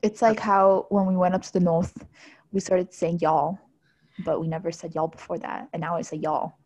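A young woman from the southern United States who lives in Miami, co-hosting a podcast in an animated, teasing way. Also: fairly low pitch, no room sound. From southern United States, living in Miami. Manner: animated, quick to tease and laugh. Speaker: podcast co-host. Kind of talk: casual chat.

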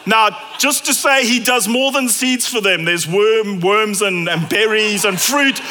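A man with a South African accent preaching a sermon, animated and repeating phrases for emphasis. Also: sits high, unhurried, few pauses. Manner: animated, acts out imagined dialogue in different voices.

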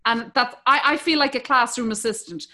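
A middle-aged woman chats away as a podcast host, casual and a little salty. Her voice sits a touch high and rings bright and forward. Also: a little fast. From Ireland. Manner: chatty, swears casually, acts out quotes. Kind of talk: casual chat.

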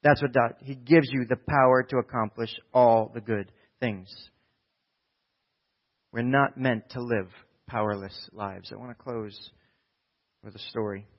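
Man from New Jersey preaching a sermon, middle pitch, shifting between soft asides and rousing calls, muffled lo-fi sound. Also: steady tone, a little slow, pauses often. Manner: conversational, swings from quiet asides to loud exhortation. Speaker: pastor.

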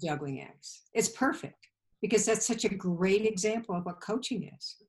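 A woman's voice: mid-range voice, expressive, moderate pace, darkish tone. A woman coach in casual conversation, listening closely and affirming often. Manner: attentive, frequent affirmations.

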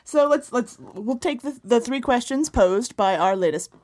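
A woman's voice: a little high, expressive, unhurried, darkish tone. Giggly, playful woman podcast host. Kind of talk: casual banter.

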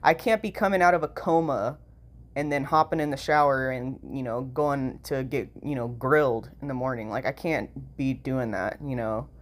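A woman's voice: very deep voice, moderate pace. A tired, sleep-deprived woman with a nasal voice, talking in a rambling casual vlog, full of "like" and "you know" and freely swearing. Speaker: vlogger.

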